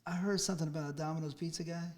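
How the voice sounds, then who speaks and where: A woman's voice: low voice, fairly even intonation, rapid-fire, a little mellow. A woman hosting a casual interview, asking short questions and giving encouraging replies. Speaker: podcast host.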